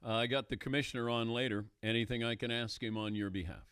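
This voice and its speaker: A man hosting a sports talk radio show, relaxed and dryly teasing with his guest. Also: medium pitch, fast talker, clear, resonant tone, dry recording, clean studio sound.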